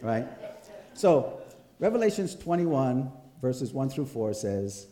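Mellow-voiced preacher in a roomy church. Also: male voice, mid-range voice, very animated, takes it slowly. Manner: storytelling, checking in with the congregation. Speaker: pastor. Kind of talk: conversational sermon. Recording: roomy hall echo.

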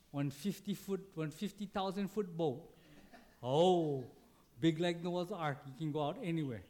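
A man, a pastor, preaching a conversational sermon, asking the congregation questions and acting out little quoted exchanges with sudden jumps in his voice. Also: a little mellow. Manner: dynamic, acts out quotes with big pitch jumps.

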